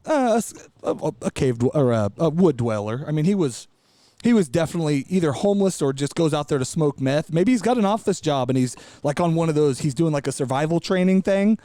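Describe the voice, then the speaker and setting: A man tells a long, rambling story on a studio podcast, cussing freely and getting animated. His voice sits fairly high for a man. The sound is dry and close. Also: a little fast, dry recording. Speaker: podcast co-host. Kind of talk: casual storytelling chat.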